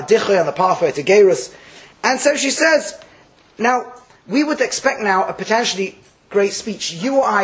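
A man with a high voice teaches a Torah class, lively and full of restarts. He acts out the people in the verses he teaches. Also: low-quality recording. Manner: lively, acts out quotes, Hebrew terms mixed in, restarts.

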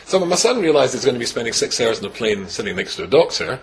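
Older Scottish rabbi, sixties, animated storyteller with wry humor; middling pitch, faint noise under the voice. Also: male voice, fast talker. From Scotland. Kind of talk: personal story told to a host.

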